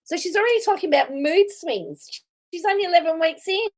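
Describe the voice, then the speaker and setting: A woman's voice: extremely high pitch, animated, a little fast, poor audio. A woman hosting casual live commentary on a video, chatty, reading viewer comments aloud and laughing often. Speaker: commentary host reacting to a video.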